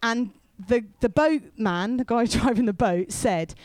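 A woman's voice: on the high side, a little slow, few pauses, darkish tone, dry recording. A woman preaching to a young crowd, telling stories in a chatty way with asides to the listeners. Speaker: speaker at a youth event. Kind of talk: sermon.

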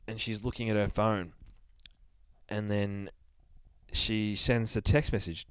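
Lower-voiced sweary man retelling a comic. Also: little pitch movement, slow, long pauses, smooth, no echo. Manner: loose, sweary, rambling with fillers. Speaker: comic book reviewer.

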